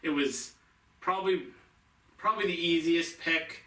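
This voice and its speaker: Laid-back guy talking movies, bright tone, echoey room. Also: fairly high pitch, measured pace, distant mic. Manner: easygoing, laughs at himself, repeats words. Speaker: movie review co-host. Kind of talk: casual film chat.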